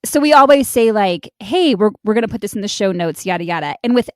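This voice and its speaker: A woman's voice: mid-range voice, animated, quick pace, darkish tone, dry recording, studio quality. A woman co-hosting a podcast in laid-back, chatty conversation with casual swearing. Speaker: podcast co-host. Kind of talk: casual chat.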